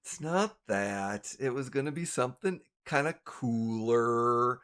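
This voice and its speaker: Lively man running a tabletop game. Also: mid-range voice, unhurried. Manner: lively, flustered rules talk. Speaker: game master.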